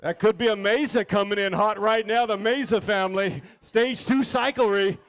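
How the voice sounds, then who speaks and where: Guy co-calling a bike race, kinda high voice, poetic over-the-top lines. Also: moderate pace, fairly bright tone, smooth. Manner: flowery, dramatic wording. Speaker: race announcer. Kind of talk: live race commentary. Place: outdoor street race.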